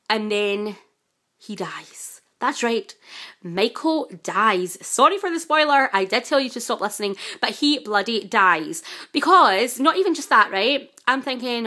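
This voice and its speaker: A woman chatting casually as a vlogger reviewing a TV series, excitable and gushing, with frequent fillers and exasperated outbursts. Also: on the high side, moderate pace. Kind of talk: casual chat.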